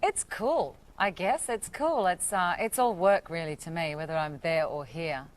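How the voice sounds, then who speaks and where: An Australian woman talks as a guest on a talk show. Her voice sits a little low, and she chats in a relaxed way, laughing easily between answers. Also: a little slow. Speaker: guest actress.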